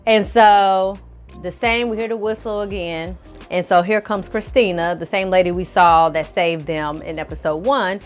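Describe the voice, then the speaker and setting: A woman hosting her own channel, recapping a TV episode in a lively, slangy storytelling style. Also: mid-range voice, normal speed, soft background music. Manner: animated, slangy storytelling with acted quotes. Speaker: film reviewer, channel host.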